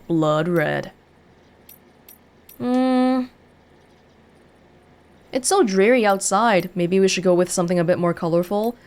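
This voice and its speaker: Woman hosting a let's play, casual, talks through choices. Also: medium pitch. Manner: chatty, thinking aloud. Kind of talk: casual gameplay commentary.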